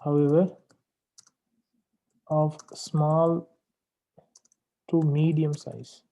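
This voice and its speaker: A man working as an English test tutor, going over a student's mistakes and repeating the key advice slowly for emphasis. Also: a little high, level tone, vocal fry, warm tone. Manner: corrective and repetitive, slows down to stress key phrases. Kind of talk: spoken feedback on a practice test.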